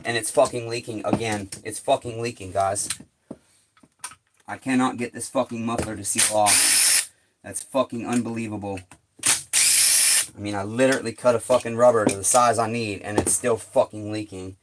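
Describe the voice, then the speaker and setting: Streaming live from his home workshop shed, a chainsaw repair streamer curses in frustration and talks to his viewers as he works. His lowish voice keeps a steady tone at a moderate pace, with frequent pauses and background noise. He sounds exasperated and swears heavily.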